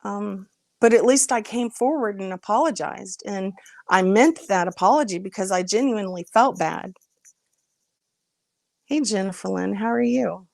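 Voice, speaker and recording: A woman's voice: mid-range voice, normal speed, vocal fry, a little mellow, no room sound. Frustrated woman chatting on a livestream. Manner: earnest, frustrated, greets chat viewers by name. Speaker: livestream host. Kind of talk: casual livestream chat.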